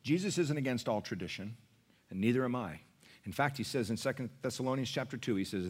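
A middle-aged pastor, fast-talking and animated, with a medium-pitched voice and a breathy edge, preaches a sermon at a church service. He calls on the room to respond and moves between quiet remarks and raised, loud statements.

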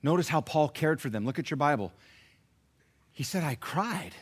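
Fervent male preacher, loud to hushed. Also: on the high side, expressive. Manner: swings from loud exhortation to hushed, near-whispered pleading; emphatic repetition, slow drawn-out stresses. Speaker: pastor. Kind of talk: sermon.

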